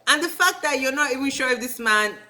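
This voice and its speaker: A woman rants in a casual vlog, her pitch leaping up and down as she talks. Her voice is bright and sharp, and her commentary is indignant and full of slang. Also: animated, brisk. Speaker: reality TV recap vlogger. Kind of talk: casual rant.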